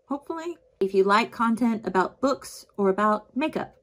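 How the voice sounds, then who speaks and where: A woman's voice: mid-range voice, lively intonation, normal speed. A woman chatting casually through a book recap while doing her makeup, filling every line with "like" and acting out quotes. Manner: chatty, filler-heavy, acts out quotes. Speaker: book vlogger.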